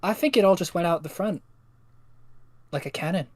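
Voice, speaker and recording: A man's voice: sits high, normal speed, darkish tone, no echo. A man chatting casually on a live stream, thinking aloud and stumbling as he translates. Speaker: co-host.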